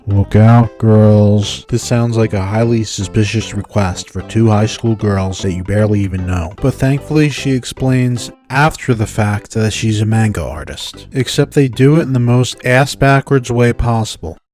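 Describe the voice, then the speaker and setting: A man's voice: fairly low pitch, normal speed, hardly any pauses, soft background music. Snarky man reviewing a cartoon. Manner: snarky, deadpan. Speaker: anime reviewer. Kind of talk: sarcastic review commentary.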